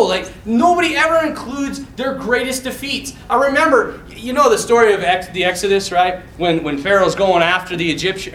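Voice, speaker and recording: A man, a priest telling a story in a lively, animated way during a sermon. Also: high-pitched. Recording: echoey hall, mic far off, faint noise.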